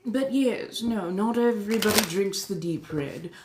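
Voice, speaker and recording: A woman's voice: mid-range voice, background noise, pitched above the performer's own voice, lightly acted. A woman voicing a centuries-old refined female vampire in a colonial American accent, chatting with viewers on a livestream and calling them darling. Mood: confiding. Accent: 1700s colonial American. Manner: genteel, unhurried, fond of endearments. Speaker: streamer. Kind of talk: in-character livestream chat.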